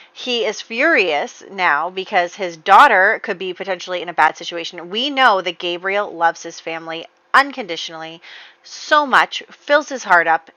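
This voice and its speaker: Here the gameplay narrator, a woman with a fairly low, pushed, bright voice, casually tells the story of her life-simulation game's drama, rambling with fillers and laughing along. The audio is dull and has no room sound.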